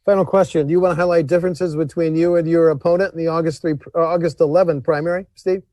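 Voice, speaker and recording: A male interviewer with a somewhat high voice asks measured questions, pausing and restarting now and then. The recording is dry and close-miked. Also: steady tone, dark tone, dry recording. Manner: measured questioning with small hesitations.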